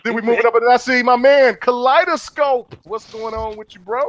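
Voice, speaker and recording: A man's voice: very high voice, flat delivery, fast, fairly bright tone. A man hosting a casual gaming podcast, chatting in laid-back slangy banter with his co-hosts. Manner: laid-back slangy banter, repeats "you know what I'm saying". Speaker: podcast host.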